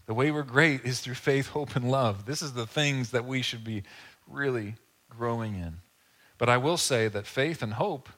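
A man preaching a sermon in a conversational, casual way, with asides and quick acted-out quotes. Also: medium pitch, a bit bright. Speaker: pastor.

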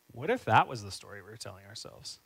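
A man's voice: fairly low pitch, creaky, fairly bright tone, slightly rough, low-quality recording. A man preaching a sermon as a pastor, earnest and building into fervent, emphatic questions.

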